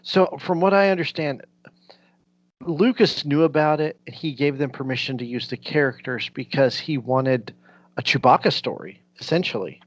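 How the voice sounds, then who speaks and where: A man's voice: mid-range voice, dry recording. Laughing podcast host man, dull sound. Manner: laughs often, rambling recaps. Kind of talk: casual podcast chat.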